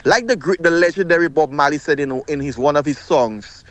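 A man's voice: a little high, brisk, a bit bright, no echo. Impassioned man calling in. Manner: impassioned, emphatic, repeats himself. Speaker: caller. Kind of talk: call-in radio talk.

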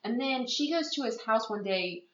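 A woman chatting casually as a podcast co-host, retelling a story and jumping into the characters' lines. She sits in an echoey room, and the recording sounds a bit dull and lo-fi. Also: normal speed. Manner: animated storyteller who acts out quotes in a higher voice. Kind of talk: casual chat recapping a TV movie.

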